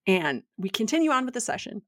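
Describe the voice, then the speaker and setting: Animated woman telling a story. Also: medium pitch, fast talker, slight background noise. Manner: animated storyteller, acts out quotes. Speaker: podcast co-host, yoga teacher. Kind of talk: casual storytelling chat.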